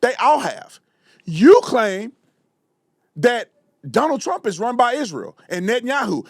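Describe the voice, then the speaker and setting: Male commentary host, very high, animated voice; fiery, slangy ranter. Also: a little slow, vocal fry, pauses often, dry recording, studio quality. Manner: fiery, ranting, repeats himself, slangy. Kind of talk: heated reaction commentary.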